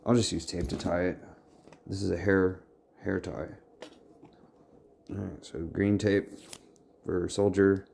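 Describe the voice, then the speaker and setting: A man's voice: low-pitched, fairly even intonation, slow pace, creaky, long pauses, darkish tone, slight background noise. A man vlogging casually from his home workshop, rambling and muttering to himself as he sorts and labels things. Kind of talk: casual talk to camera.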